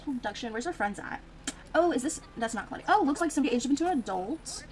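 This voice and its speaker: Talking quickly in a high, animated voice, this Sims streamer, a young woman, gives a loose running commentary on her life-sim game, reacting as things happen and using many filler words. The recording is low quality.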